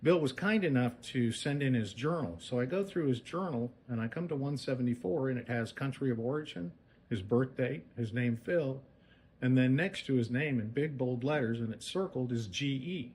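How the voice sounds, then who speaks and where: A man guiding a museum tour, telling stories in a lively, animated way. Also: medium pitch, normal speed, reverberant, rough recording. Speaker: museum guide. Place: museum gallery.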